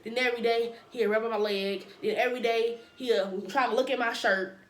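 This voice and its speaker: A woman with a fairly high voice tells a personal story in a casual vlog. She throws in dramatic asides and playful sound effects. Her voice rings in a roomy, echoey space. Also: steady tone, a little fast. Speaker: storytime vlogger.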